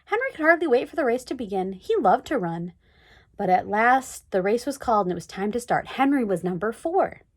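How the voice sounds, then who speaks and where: A woman reading a children's chapter book aloud in an expressive read-aloud manner. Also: fairly high pitch, brisk. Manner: expressive, sing-song read-aloud delivery. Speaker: storybook reader.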